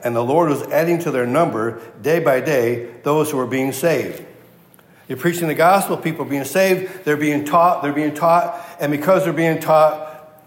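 Preaching man in an echoing hall. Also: mid-range voice. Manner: emphatic, repeats key words, asks the audience questions. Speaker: pastor. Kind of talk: sermon. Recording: echoey hall reverb.

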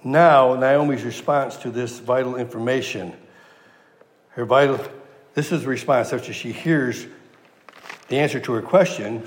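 A man preaching a sermon, animated, acting out the lines he quotes with plenty of inflection. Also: mid-range voice, unhurried, long pauses, long reverb tail.

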